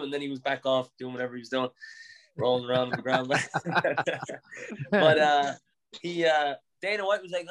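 A young Irish man from Ireland telling animated stories on a podcast, laughing, swearing and restarting his sentences. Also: on the high side, brisk. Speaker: podcast guest. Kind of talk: casual storytelling.

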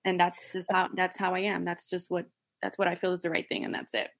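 A woman from New Jersey chatting casually as a podcast co-host and mother, talking in an animated way with frequent laughter and swearing. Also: fairly low pitch, quick pace. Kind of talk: casual chat.

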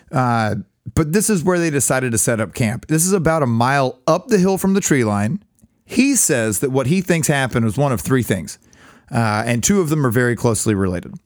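A man co-hosting a podcast with a Southern US accent, telling the story in a lively, jokey way. His voice sits at an ordinary middle pitch. The sound is close and dry, with no room echo. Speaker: podcast co-host. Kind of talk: casual chat.

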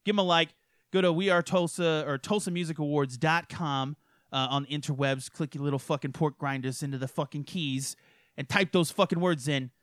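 A man's voice: fairly high pitch, steady tone, fairly quick, fairly bright tone, dry recording, clean studio sound. A man co-hosting a podcast, ranting and swearing in crude casual chat, laughing often. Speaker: podcast co-host.

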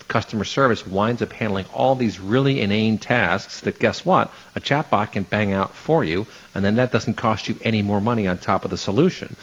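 A man hosting a casual panel discussion, talking quickly and chattily with rhetorical asides. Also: lowish voice, husky. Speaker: host and panel moderator. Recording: dull lo-fi audio.

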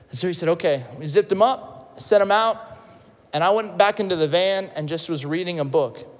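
A man preaching a sermon, telling stories with lively acted-out quotes and shifts between loud and soft. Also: high-pitched, moderate pace, in a large hall. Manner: animated storytelling, acts out quotes, swings loud and soft. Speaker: pastor. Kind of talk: sermon with storytelling.

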